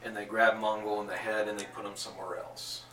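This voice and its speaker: A man narrating a tabletop game as game master, telling the story in an animated, jokey way, recorded from a distance in an echoey room. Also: fairly low pitch, fairly quick, slight background noise. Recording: echoey room, distant mic, faint ambience.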